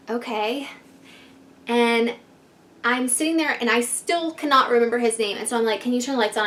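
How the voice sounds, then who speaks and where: A woman's voice: a little high, a bit bright, slight background noise. A woman in her thirties telling a storytime vlog to her viewers in a casual, swearing way, filling her talk with "like". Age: 30s. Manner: casual, fills every phrase with "like" and swears freely. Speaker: vlogger.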